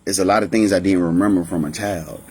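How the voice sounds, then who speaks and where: A man's voice: fairly even intonation, fast, dark tone, a little hiss or hum. Rambling young man telling his story. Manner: rambling, emotional, restarts often, voices family members in higher pitch. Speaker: vlogger. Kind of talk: candid personal storytelling.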